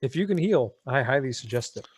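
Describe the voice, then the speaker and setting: A man's voice: medium pitch, animated, fairly quick, breathy edge, no echo. A man running a tabletop role-playing game as dungeon master, explaining rules with frequent fillers and restarts.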